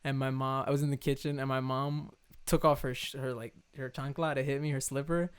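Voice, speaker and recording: A young man chatting casually with friends, telling stories in an animated way, swearing freely and acting out quotes. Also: mid-range voice, fairly quick, clean tone. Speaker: co-host. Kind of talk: casual chat.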